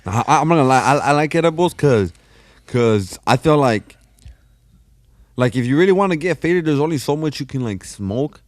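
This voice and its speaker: A man's voice: mid-range voice, animated, normal speed, dry recording, studio quality. A man telling a story on a podcast in a slangy, profane way. He keeps calling his listener "fool.". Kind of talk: casual chat, storytelling.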